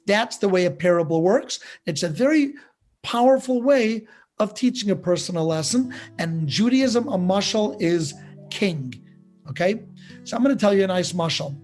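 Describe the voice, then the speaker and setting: A man, a rabbi teaching a class, telling a parable in a lively, conversational way and putting questions to his listeners. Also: sits high, normal speed, soft background music. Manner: animated storyteller who acts out dialogue; conversational, asks the audience questions.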